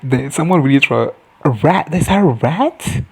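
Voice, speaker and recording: A man's voice: a little high, expressive, moderate pace, creaky, slightly rough. A young man recapping a TV episode in a profane, chatty comedy style, jumping in and out of silly character voices. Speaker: reaction video host.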